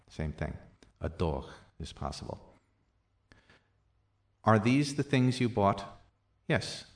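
A man teaching a language works through practice sentences and their translations at a slow, deliberate pace, with occasional soft, low asides.

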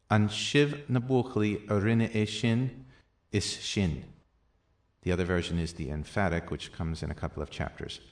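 A man gives a language lesson, reading practice sentences and their translations slowly and deliberately, with soft, low asides.

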